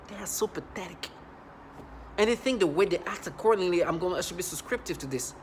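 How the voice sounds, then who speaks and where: A man's voice: high-pitched, animated, fast talker, a little hiss or hum. Agitated man on a rambling rant. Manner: agitated, repetitive, stumbling restarts. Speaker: vlogger. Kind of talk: angry monologue to the camera.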